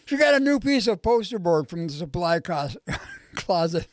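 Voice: medium pitch, big pitch swings, moderate pace, no echo. Casual read-aloud of a kids' chapter book, mid voice, dry close sound. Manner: casual, laughs between lines. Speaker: reader. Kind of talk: reading a children's book aloud.

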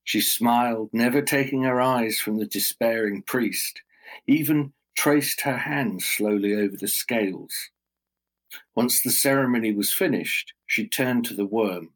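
A man telling a folk tale aloud in a slow, measured, dramatic way. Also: fairly low pitch, expressive. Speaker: storyteller. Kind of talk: oral storytelling.

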